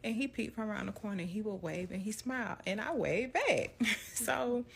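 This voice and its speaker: Woman, storytime vlog, lively, acts out voices, mid pitch. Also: moderate pace, vocal fry, breathy edge. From Southern US. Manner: animated, laughs often, acts out quotes.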